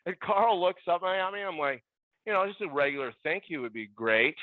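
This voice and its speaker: A man's voice: sits high, expressive, moderate pace, no room sound. A middle-aged man telling stories as a podcast guest, acting out other people's lines in raised voices. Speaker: podcast guest, former ballboy. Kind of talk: animated storytelling. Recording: tinny phone-like line.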